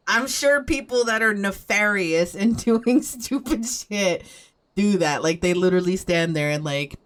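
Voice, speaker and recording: A woman's voice: fairly low pitch, a little slow. A young woman streaming a game, joking and self-mocking in casual commentary, swearing freely.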